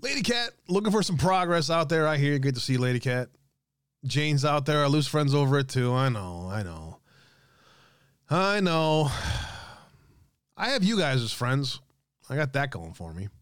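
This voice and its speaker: A man hosting a livestream, chatting casually and reading comments from his viewers. He swears freely and jokes between remarks. The sound is dry and close, in a mid-pitched voice. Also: big pitch swings, normal speed, long pauses, no echo. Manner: profane, jokey, reads chat comments aloud. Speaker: livestream host reading chat.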